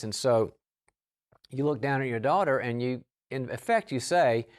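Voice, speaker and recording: A man's voice: medium pitch, animated, moderate pace. A middle-aged man giving a sermon as a guest speaker, telling a story in a conversational way and acting out the dialogue.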